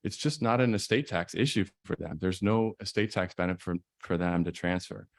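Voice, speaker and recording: A man, an estate planning attorney, giving a measured, explanatory conference presentation. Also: low-pitched, vocal fry, no echo.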